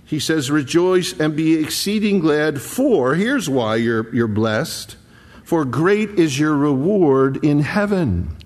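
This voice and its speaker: A man preaching a sermon, explaining scripture conversationally and stressing key words with slow, emphatic pauses. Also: on the high side, animated, darkish tone. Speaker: pastor.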